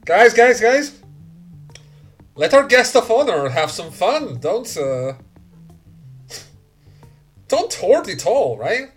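A game master voicing a loud, excited thug who shouts at his fellow gang members. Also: medium pitch, slow pace, pauses often, soft background music, voice pushed up. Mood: rowdy.

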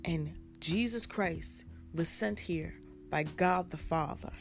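A woman's voice: on the low side, takes it slowly, vocal fry, soft background music. A woman preaching a sermon with an emphatic, repetitive cadence.

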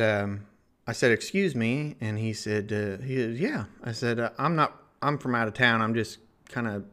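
A folksy man with a rural Ohio River valley twang, spinning a comic travel yarn for his podcast. He talks in a relaxed, chatty way and keeps chuckling at his own stories. His voice sits at an ordinary middle pitch for a man. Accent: Ohio River valley, rural Midwestern. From Ohio, USA. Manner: folksy, chuckling, animated retelling. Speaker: podcast host. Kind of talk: casual comedic storytelling.

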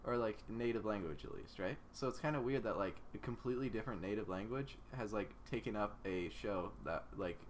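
A man's voice: on the low side, fairly quick, few pauses. Young male podcast co-host, loose rambling delivery with a swear now and then, faint hiss behind. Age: young adult. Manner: rambling, swearing, laughs often. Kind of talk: casual podcast chat. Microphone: remote call mic.

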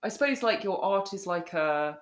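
A woman with a lowish, animated voice co-hosts a podcast at a normal speed, the room adding a noticeable echo. The chat is casual; she giggles often and rambles with lots of filler words.

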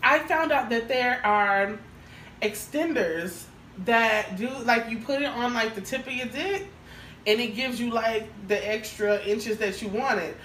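A woman's voice: a little high, a little slow, fairly bright tone. A woman co-hosting a podcast in casual chat, frank and crude, often laughing as she tells stories. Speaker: podcast co-host. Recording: roomy, distant mic with faint hiss.

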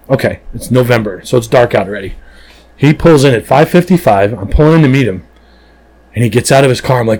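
A man's voice: mid-range voice, quick pace, breathy edge, low-quality recording. A man who works as a police officer, chatting casually on a podcast in an emphatic, blunt way. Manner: animated storyteller, emphatic and blunt.

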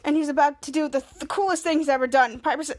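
A woman's voice: high-pitched, fairly even intonation, quick pace. A woman hosting a podcast, casually recapping a TV episode and acting out the characters' lines as she goes. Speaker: podcast host.

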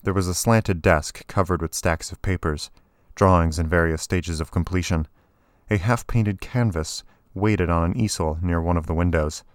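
A man reading scripted story narration in a steady, even way. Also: sits low, moderate pace, dry recording, clean studio sound. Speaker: audiobook narrator.

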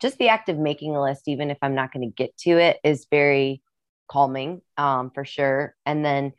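Here a young woman from the American Midwest, a musician, guests on a podcast and chats casually, drifting a little. Her low-pitched voice moves at a moderate pace, with no echo in the recording.

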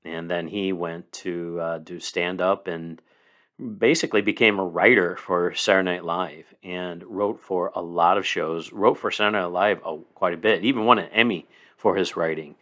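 A man's voice: low voice, steady tone, moderate pace, fairly bright tone. A man from Illinois hosting a casual solo podcast, reviewing a movie in an enthusiastic, rambling way.

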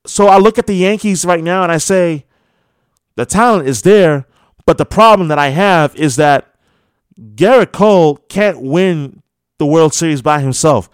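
A man's voice: a little high, measured pace, clear, resonant tone, dry recording, clean studio sound. A man hosting a sports radio show, giving a heated opinion monologue full of scolding rhetorical questions. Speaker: radio host.

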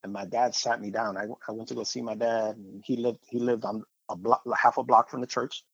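A man sharing a personal testimony in a lively storytelling way, acting out the voices of the people he quotes. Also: on the low side, brisk, slightly rough, no echo. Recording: dull, muffled sound.

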